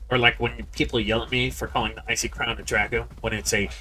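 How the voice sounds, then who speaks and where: A man's voice: medium pitch, flat delivery, quick pace, slight background noise. A man giving casual, rambling commentary while playing a game, often repeating words and talking straight to his viewers. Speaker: game streamer. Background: people yelling in the background.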